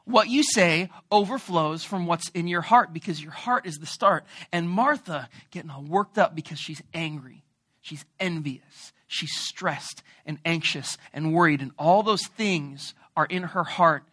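Bright, animated male preacher. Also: fairly high pitch, a little slow. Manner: animated, joking storyteller. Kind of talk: sermon.

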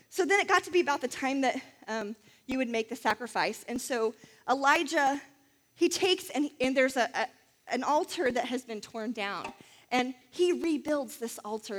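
A woman's voice: high-pitched, fairly bright tone, long reverb tail. A woman telling a Bible story in a chatty sermon, with many fillers and asides. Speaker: Bible teacher.

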